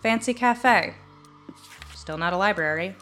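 A woman's voice: mid-range voice, measured pace, a bit bright, faint music behind, lightly acted. An actress playing an anxious young woman who talks herself into courage. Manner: shaky, self-coaching, earnest.

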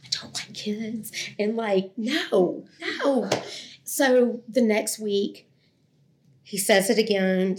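A woman's voice: mid-range voice, measured pace, a little mellow. A middle-aged woman tells a personal testimony to an audience in a chatty, rambling, self-deprecating way. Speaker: speaker sharing a personal testimony.

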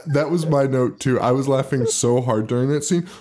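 A man's voice: medium pitch, moderate pace, background noise. A man co-hosting a podcast, laughing a lot and swearing as he retells scenes. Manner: laughs often, profane, animated retelling. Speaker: podcast co-host. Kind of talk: casual podcast chat.

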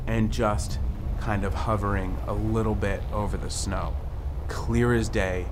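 A man telling a dramatic ghost story in a suspenseful style, building to excited rushes and humming his own sound effects. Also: medium pitch, noisy background. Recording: music bed under the voice.

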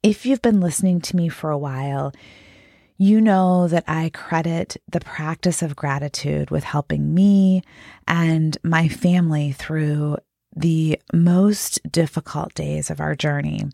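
A woman's voice: sits low, steady tone, unhurried, vocal fry, mellow, no echo, clean studio sound. A woman hosting her own podcast, talking earnestly and heartfelt while congested with a cold. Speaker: podcast host. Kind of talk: solo podcast talk.

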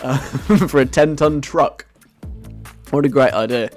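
A man's voice: medium pitch, slow, a little mellow, faint music behind. A man hosting a radio show in a playful, rambling way, chuckling as he goes. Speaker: radio host. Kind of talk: casual radio chat.

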